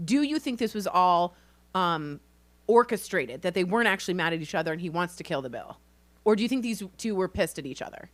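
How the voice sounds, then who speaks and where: A woman co-hosting a comedic news podcast, chatty and quick to laugh, throwing out rhetorical questions. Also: on the low side, animated. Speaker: co-host. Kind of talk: casual comedic news chat.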